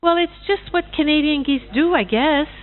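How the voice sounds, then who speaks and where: This is a muddled old female goose from a storybook, as a woman voices her: unsure of herself, pitched up above the narration. The recording is tinny and narrow. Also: moderate pace, lightly acted. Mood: matter-of-fact. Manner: hesitant, unsure. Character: forgetful, puzzled older female goose. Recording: tinny phone-like sound.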